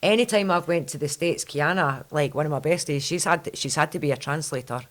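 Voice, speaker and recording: A woman with a Scottish accent hosting a podcast in a chatty, rambling way. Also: low-pitched. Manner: chatty, quick, rambling storyteller. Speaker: podcast host. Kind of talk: casual chat.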